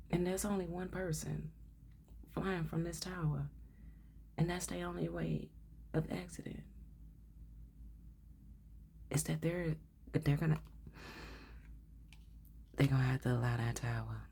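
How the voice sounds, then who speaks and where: Deep gravelly woman doing a tarot reading, blunt and swears a lot, slips into whispers. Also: warm tone, slight background noise. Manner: blunt and profane, often dropping to a whisper. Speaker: tarot reader.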